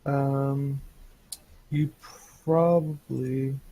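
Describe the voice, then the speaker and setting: A man's voice: mid-range voice, steady tone, drawn-out words, breathy edge, no echo, muffled recording. A man running a tabletop game as game master, hesitant and full of fillers.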